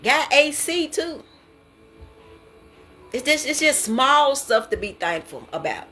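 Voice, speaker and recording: A woman's voice: high voice, big pitch swings, takes it slowly, sharp tone, faint music behind. A woman giving an informal devotional talk, earnest and repetitive, testifying and urging listeners to stop stressing. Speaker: devotional speaker. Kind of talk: informal preaching.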